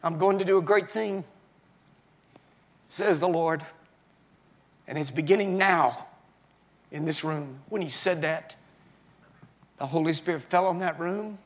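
A man preaching a sermon gives his own testimony in a slightly high voice. He restarts haltingly and swings between hushed and loud moments.

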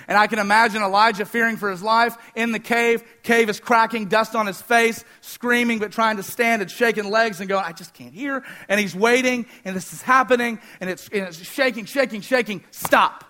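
High, bright-voiced young preacher. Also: male voice. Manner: animated storytelling, asks the audience questions. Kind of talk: sermon.

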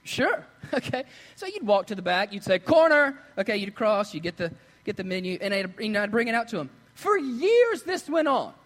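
A man's voice: sits high, fairly quick, in a large hall. A young man preaching a casual, joking sermon, telling stories and acting out the people in them. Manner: joking, storytelling, quotes others in lively voices. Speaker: pastor. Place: church sanctuary.

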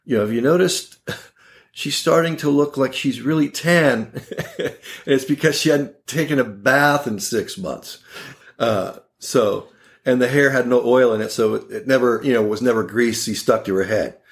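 A man of around sixty, an oral surgeon, is a guest on a podcast interview, telling funny family stories casually in a wry, laughing, animated way and doing quoted voices. His voice is medium in pitch, and his pace is measured.

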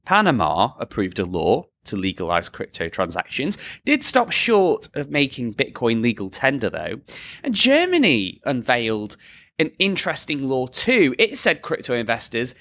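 A man's voice: mid-range voice, huge pitch swings, moderate pace, a bit bright. A man co-hosting a podcast, chatting casually about the news and leading with questions. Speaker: podcast co-host.

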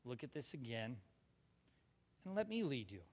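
A man quoting God in a quiet, calm, lower voice during a sermon. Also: moderate pace, husky. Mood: gentle. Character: God speaking gently to a man. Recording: long reverb of a large hall.

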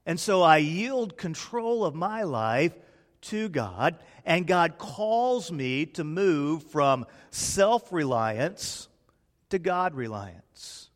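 Male pastor, dramatic sermon delivery, slow and measured, voice a bit higher than most men. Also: animated. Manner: dramatic preaching, swinging from loud declarations to hushed near-whispers. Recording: long reverb in a large hall.

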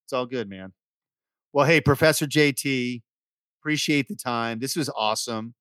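A man's voice: mid-range voice, moderate pace, fairly bright tone, no room sound, studio quality. A man hosting a podcast, talking in a laid-back, chatty and enthusiastic way. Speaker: podcast host. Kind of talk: casual podcast chat.

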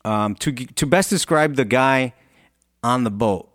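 Guy with kids talking motivation, earnest and rambling, mid pitch, dry close sound. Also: a little slow, fairly bright tone, dry recording. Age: adult with children. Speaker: apparel brand founder. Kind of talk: motivational monologue.

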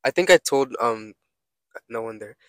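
A young man co-hosts a casual podcast, rambling through stories and swearing a lot. His medium-pitched voice is expressive and moves at a moderate pace, with no room sound.

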